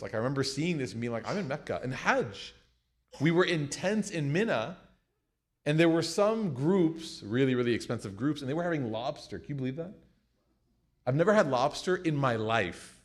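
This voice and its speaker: A man's voice: mid-range voice, moderate pace. Joking American man teaching a class. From United States. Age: young adult. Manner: conversational, joking, animated retelling. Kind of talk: class lecture with storytelling.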